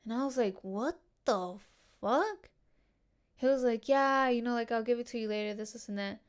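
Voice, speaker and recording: A woman's voice: fairly high pitch, fairly even intonation, fast talker, clean tone. Blunt, swearing young woman podcaster. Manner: blunt, heavy swearing, lots of "dude" and "like". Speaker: podcast host. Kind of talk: casual storytelling.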